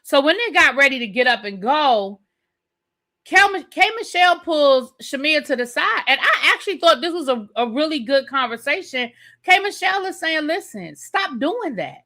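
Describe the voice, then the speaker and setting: Woman host for a casual live recap show, bright and a bit high, loose and talkative with the chat. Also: animated, moderate pace. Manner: chatty, repeats phrases for emphasis, talks to live chat. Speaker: TV review host.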